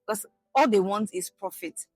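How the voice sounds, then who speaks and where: A Nigerian woman project officer speaks with passion, building her answer around rhetorical questions. Her voice sits at a middle pitch, and the recording is dry and close. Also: normal speed, no room sound, faint music behind. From Niger Delta, Nigeria. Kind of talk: interview answer.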